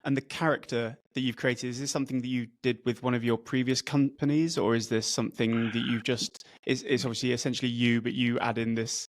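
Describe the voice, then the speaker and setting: A male podcast host with an ordinary mid-pitched voice, curious and relaxed. His questions wind on in long, meandering sentences, and he laughs easily along with his guest. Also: fairly quick, few pauses. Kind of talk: casual interview chat.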